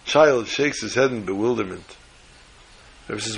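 Gravelly rabbi telling a story. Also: male voice, on the low side, moderate pace, long pauses, a little hiss or hum. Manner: folksy, emphatic storyteller. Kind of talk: sermon with storytelling.

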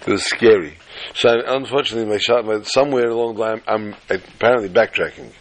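A man's voice: fairly low pitch, fast talker, poor audio. A man telling a folk tale in a rambling, self-deprecating way, stumbling and repeating words. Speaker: storyteller. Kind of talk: casual spoken storytelling.

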